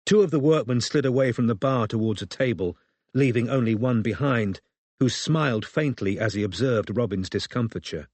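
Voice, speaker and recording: A male audiobook narrator with a mid-pitched voice, reading a crime thriller in a measured, even way. The sound is dry and close, with no room around it. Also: no room sound. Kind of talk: scripted narration.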